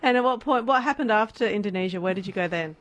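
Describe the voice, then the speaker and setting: A woman's voice: medium pitch, quick pace, dry recording. A woman interviewer asking brief, probing questions in an oral history interview.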